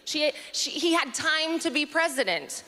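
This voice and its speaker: A woman performing a stand-up comedy set on a festival stage, dry and quick-witted, on a handheld mic. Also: high-pitched, expressive, sharp tone, a little hiss or hum.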